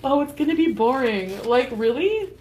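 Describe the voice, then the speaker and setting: A woman rambles on through a casual cooking live stream, with giggles slipping in between her remarks. Her voice sits a little high, and a faint hiss of noise runs underneath. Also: darkish tone, poor audio. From Canada.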